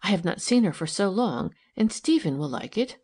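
A woman reading an audiobook, voicing a gentle, eager wife who talks breathlessly and tenderly. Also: on the low side, very animated, normal speed, slightly rough.

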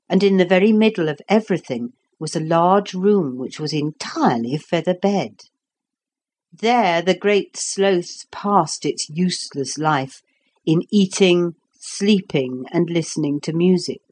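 A woman narrating a storybook aloud, unhurried and expressive. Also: lowish voice, husky.

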